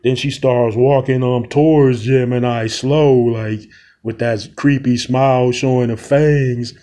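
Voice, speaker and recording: A young man casually retelling a short film plot, rambling and slangy with many pauses. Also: medium pitch, fairly even intonation, dark tone. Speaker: storyteller.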